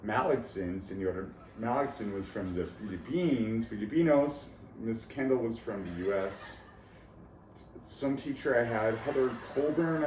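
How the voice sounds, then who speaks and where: Man, lowish voice, rambling vlog talk, distant mic. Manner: rambling, jumps between topics, laughs at own jokes. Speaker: vlogger. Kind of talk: rambling solo talk about accents. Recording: echoey room, far from mic, noisy.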